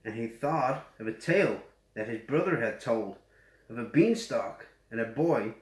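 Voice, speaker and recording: A man's voice: medium pitch, expressive, a little slow. A man with a West Yorkshire accent reading a children's story aloud, with chatty asides to young listeners. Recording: roomy echo.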